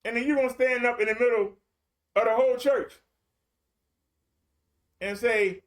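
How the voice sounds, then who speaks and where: A man's voice: very high voice, normal speed, pauses often, a bit bright. A man preaching a streamed sermon in a colloquial, repetitive storytelling way.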